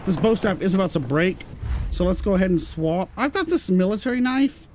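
A British man giving excitable let's-play commentary and swearing when surprised. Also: high voice, fairly quick, slight background noise. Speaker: gameplay commentator.

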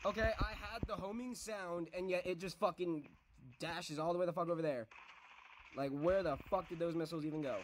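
A man swearing and raging at a game while he plays it, with loud yelled outbursts. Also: high voice, fairly even intonation, fairly quick, slight background noise. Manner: yells and shouts in outbursts. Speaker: gamer streamer. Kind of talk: live gameplay commentary.

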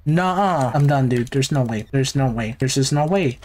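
A man's voice: on the high side, animated, unhurried, hardly any pauses, darkish tone, slight background noise. A man giving nervous, jumpy commentary while playing a horror game, talking to himself. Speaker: gaming YouTuber.

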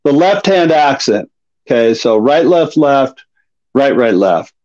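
A man's voice: mid-range voice, animated, takes it slowly, darkish tone, muffled recording. A man in a casual chat asking a teacher to clarify a pattern, repeating himself as he works it out. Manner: checks understanding, repeats himself.

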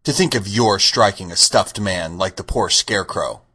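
A man voicing a brave, indignant young girl in an audiobook, speaking high and emphatically. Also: normal speed, pushed and bright, breathy edge, full character voice. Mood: scolding. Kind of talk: audiobook character voice.

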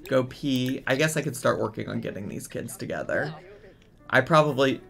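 A man's voice: mid-range voice, very animated, fairly quick, gravelly, faint music behind. A man giving casual let's-play commentary as a gaming streamer, exasperated and bossing his game characters around.

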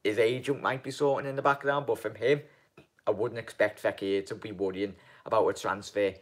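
A man's voice: fairly low pitch, fairly even intonation. A man hosting a fan channel live stream, chatting casually and rambling through viewers' comments with lots of ums and "mate". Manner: rambling and halting, many ums, keeps calling viewers mate.

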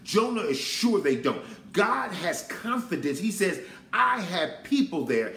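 A man's voice: high voice, sing-song, a little slow, fairly bright tone, reverberant. A man preaching a sermon, emphatic and repetitive, often urging his listeners to listen.

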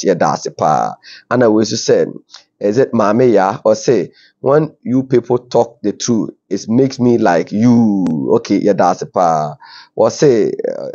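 A man's voice: on the low side, mellow. Ghanaian man hosting online news commentary. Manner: switches between Twi and English, informal asides. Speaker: news show host. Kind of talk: commentary reading viewer comments. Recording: dull lo-fi audio.

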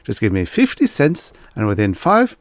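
A man voicing a smooth, winning male sales robot with a voice like a television announcer. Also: fairly low pitch, wildly swooping pitch, moderate pace, no echo, clean studio sound. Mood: salesy.

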